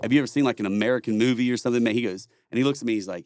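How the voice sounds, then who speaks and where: A middle-aged former Marine, appearing as a podcast guest, tells war stories in a casual storytelling chat. He talks very fast in an expressive mid-range voice, rambling, swearing and laughing often.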